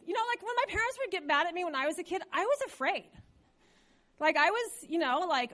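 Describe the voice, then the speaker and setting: A middle-aged woman pastor preaching a sermon in a church, dramatic and animated, acting out quoted voices. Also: extremely high pitch, a little fast.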